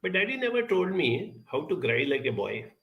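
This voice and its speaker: A man giving a reflective self-help talk, telling a childhood story in an unhurried way and acting out the people he quotes. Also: a little high, dull audio. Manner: storytelling, quoting others in lively voices; unhurried, spoken as if to listeners.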